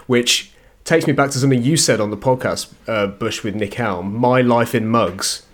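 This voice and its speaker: A man's voice: medium pitch, moderate pace. Easygoing man reading listener notes. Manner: easygoing, reads out listener comments. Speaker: podcast co-host reading listener messages. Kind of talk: casual chat. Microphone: video call.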